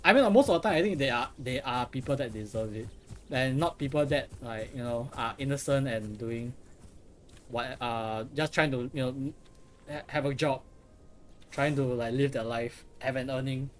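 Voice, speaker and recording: A man's voice: mid-range voice, normal speed, a little hiss or hum. A young man streaming a game, chatting casually in a rambling, profane way with lots of restarts. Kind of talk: casual live gameplay commentary.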